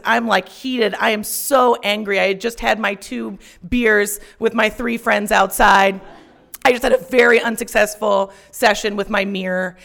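A young woman telling a personal story on stage, profane and self-mocking, shouting out her punchlines. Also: mid-range voice, vocal fry.

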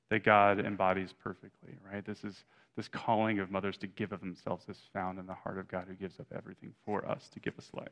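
This young adult male pastor has a fairly low, somewhat bright voice. His sermon is conversational, and he corrects himself as he goes, often tossing in "right?" asides.

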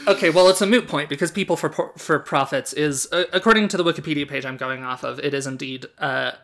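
A man hosting a casual podcast quiz, animated and quick to laugh. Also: on the high side. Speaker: quiz host.

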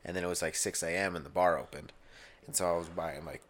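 A man's voice: deep voice, fast talker, slight background noise. A man in his thirties co-hosting a podcast, telling stories in casual, profane chat. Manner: profane, animated storyteller. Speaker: podcast co-host.

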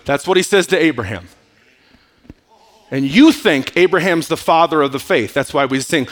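A man's voice: fairly high pitch, animated, normal speed. A male pastor preaching a sermon at a church service, joking and drawing responses from the congregation.

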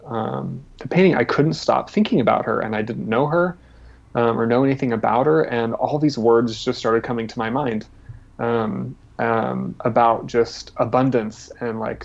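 A man, a guest artist in an interview, tells a personal story in a halting way with many fillers and restarts. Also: medium pitch, gravelly, a little mellow. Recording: slightly dull lo-fi audio.

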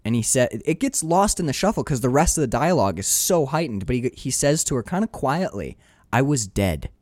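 A man co-hosting a casual podcast chat about a film, animated, acting out quoted lines and swearing casually. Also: fairly quick, no echo. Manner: animated, acts out quoted dialogue with big pitch swings, swears casually. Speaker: podcast co-host discussing a film.

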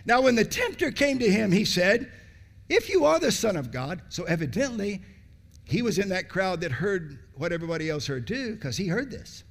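A man preaching a sermon, repeating phrases for emphasis and swinging between loud, raised bursts and low, hushed lines. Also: big pitch swings, moderate pace, gravelly.

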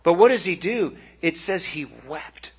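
A man's voice: high voice, expressive, unhurried, slightly rough. A man preaching a conversational sermon, earnest and emotional, with frequent restarts and asides.

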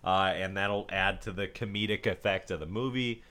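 Easygoing podcast co-host: a man with a low but bright, forward voice who talks loosely and laughs often. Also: fairly even intonation, moderate pace. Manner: easygoing, laughs along, pitches ideas. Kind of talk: casual podcast discussion.

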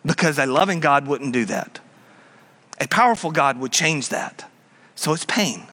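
A middle-aged man delivers a sermon in an animated way. His voice is bright and sits a little high. He speeds up in bursts, mocks in higher voices and drops to a low hush for emphasis. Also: moderate pace. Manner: puts on mocking high voices. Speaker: pastor.

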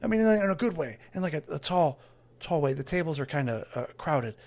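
Small flustered male greeter, high and stammering, voiced by a man. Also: big pitch swings, fast talker, darkish tone. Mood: nervous. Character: small anxious young male tavern greeter.

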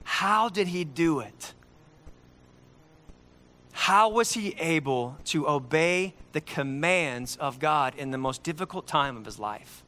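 A man preaching a sermon, emphatic and repeating key lines slowly for effect. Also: on the high side, lively intonation, pushed and bright.

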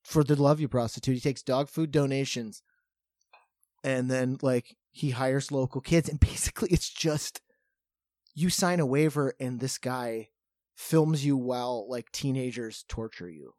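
Rambling, animated man telling a story. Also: mid-range voice, unhurried, no echo, clean studio sound. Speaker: podcast co-host. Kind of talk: casual chat.

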